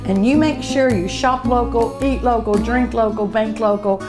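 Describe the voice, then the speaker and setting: A woman's voice: on the high side, fairly even intonation, moderate pace, music in the background. A middle-aged woman hosting a cooking show, chatting casually and humming with pleasure as she tastes her food. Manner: savoring food aloud with many hums. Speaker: cooking show host and restaurant owner.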